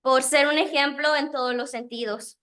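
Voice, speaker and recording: A woman whose first language is Spanish gives a prepared graduation speech, nervous and emotional, reading with pauses. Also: sits high, fairly even intonation, pushed and bright.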